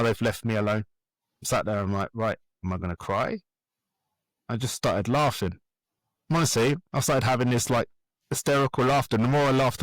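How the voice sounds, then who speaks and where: A man's voice: lowish voice, no room sound, low-quality recording. A middle-aged man, a guest telling his story in a podcast interview and acting out what people said. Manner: animated storyteller who acts out quoted voices. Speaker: guest, transformation coach.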